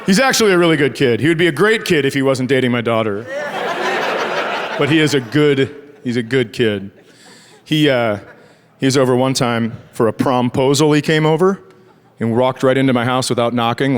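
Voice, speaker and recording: A man in his forties with a medium-pitched voice performs stand-up into a handheld stage mic, telling sarcastic family stories and acting out the dialogue. It's a live show recording with heavy background noise and audience laughter.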